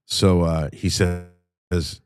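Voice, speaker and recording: A man's voice: low-pitched, fairly even intonation, drawn-out words. A man hosting a live stream, chatting casually and telling loose, profane stories to his viewers. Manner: loose, rambling and profane storytelling. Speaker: livestream host. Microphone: streaming microphone.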